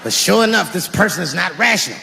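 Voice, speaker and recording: A man doing a stand-up comedy set, animated and shouting his punchlines while acting out characters. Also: high-pitched, quick pace, vocal fry, big-room sound, a little hiss or hum.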